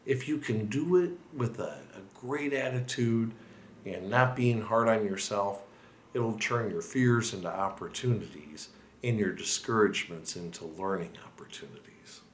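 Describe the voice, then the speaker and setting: A man's voice: on the low side, a little slow, echoey room, a little hiss or hum. A man with an American accent giving earnest, conversational tips to learners as a lesson host. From United States. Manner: earnest, conversational, with restarts and asides. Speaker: language-learning video host. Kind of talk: encouraging talk to camera.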